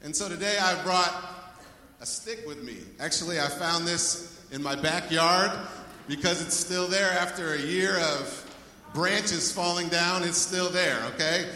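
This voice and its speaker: A man's voice: high voice, unhurried, bright, forceful tone, a little hiss or hum. A male pastor preaching a sermon in a church, speaking with energy and calling out to the congregation for praise. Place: church sanctuary. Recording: echoey hall, voice from far off.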